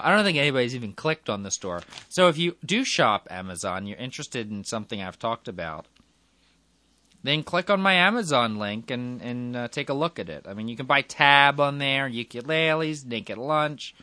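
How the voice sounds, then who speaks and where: A man's voice: mid-range voice, bright, forceful tone, dry recording. A man hosting his own podcast in a casual, rambling way, chuckling often and restarting his sentences. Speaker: podcast host. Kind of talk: casual solo podcast chat.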